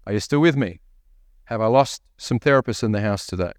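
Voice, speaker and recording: In a clean studio recording with no room echo, a male pastor preaches with a lowish voice at a fairly quick clip. He poses rhetorical questions to the congregation and reads scripture aloud, taking on the prophet's lines himself.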